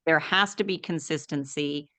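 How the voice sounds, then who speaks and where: A woman's voice: deep voice, moderate pace, fairly bright tone, dry recording. A woman hosting an interview, asking curious, rambling follow-up questions. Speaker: podcast host. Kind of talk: conversational interview.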